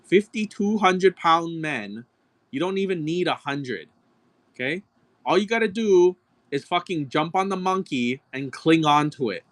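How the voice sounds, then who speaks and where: A man hosting a live-stream auction, talking in an excitable, argumentative rant full of swearing. His voice sits a little higher than most men's, and he hammers his points home to the chat. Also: unhurried. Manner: profane, excitable, argumentative ranting.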